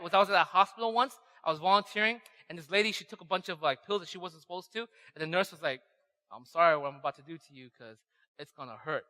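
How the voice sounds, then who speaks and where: A man's voice: sits high, bright, forceful tone. A man preaching a conversational sermon, often checking in with a "right?" and acting out quoted voices. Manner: conversational, keeps asking "right?". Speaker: pastor. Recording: long hall reverb.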